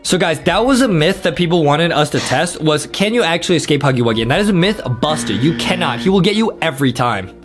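A man giving excited gameplay commentary as a co-host, exclamatory and hyped. His voice is high and swings widely in pitch, with faint game music under him. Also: quick pace, hardly any pauses. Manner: hyped and exclamatory, says bro a lot. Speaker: gaming channel co-host.

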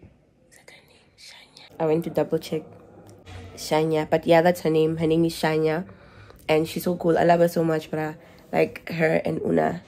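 A woman's voice: low-pitched, completely flat delivery, normal speed, dark tone. A young woman with a Namibian English accent, chatting casually in a travel vlog, slangy and full of fillers. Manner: chatty, slangy, lots of "like" and "bruh". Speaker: travel vlogger.

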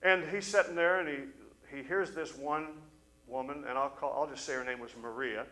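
A male pastor preaching a sermon, telling a story in an animated way and briefly acting out the voices of the people in it. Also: medium pitch, normal speed, poor audio. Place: church service.

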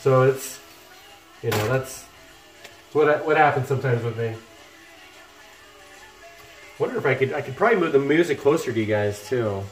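A man's voice: medium pitch, moderate pace, long pauses. Chatty middle-aged man in echoey kitchen. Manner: chatty, joking, talks to viewers while cooking. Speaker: cooking livestream host. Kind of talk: casual cooking livestream chat. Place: home kitchen. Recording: echoey kitchen with music playing. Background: music from laptop speakers, frying food.

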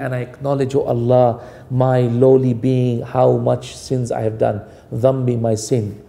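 Male preacher, gravelly and mellow, recites verses then explains them, rhetorical questions. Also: medium pitch, steady tone, normal speed. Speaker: Islamic preacher. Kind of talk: sermon with Quranic recitation and translation.

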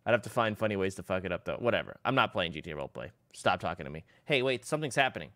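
A man's voice: low-pitched, expressive, racing, fairly bright tone, no room sound. A young man chatting casually on a livestream, rambling and swearing freely. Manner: rambling, profane, exclaiming.

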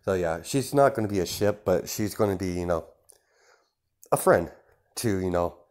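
Man, very low voice, casual improvised narration, rambling, many fillers. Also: lively intonation, moderate pace, a little mellow. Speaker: fan story narrator.

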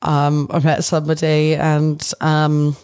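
A woman's voice: low-pitched, completely flat delivery, slow pace, darkish tone, smooth. A young British woman from the UK, chatting casually as an interview guest, rambling with fillers and frequent laughter. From United Kingdom. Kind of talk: casual chat.

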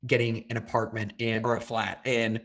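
A man talking casually as a podcast guest, rambling quickly with lots of filler words. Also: fairly low pitch, flat delivery, a bit bright. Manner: fast, rambling, frequent "like" fillers. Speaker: podcast guest, data engineer. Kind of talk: casual interview chat.

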